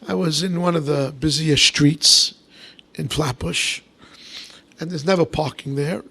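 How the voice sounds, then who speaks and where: A man preaching as a rabbi, telling stories in an animated way, swinging between loud bursts and hushed asides, with Hebrew and Aramaic terms mixed in. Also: fairly high pitch, a little slow, creaky, husky. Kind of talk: storytelling sermon.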